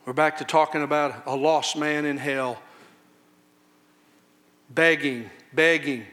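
Bright-voiced man preaching a fiery sermon. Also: fairly even intonation, slow. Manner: impassioned preaching, swinging from loud high outcries to low quiet warnings. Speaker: pastor.

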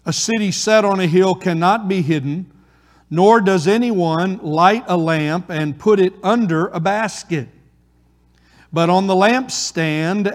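A male pastor preaching a sermon slowly and deliberately, repeating key phrases for emphasis. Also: sits high. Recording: reverberant hall.

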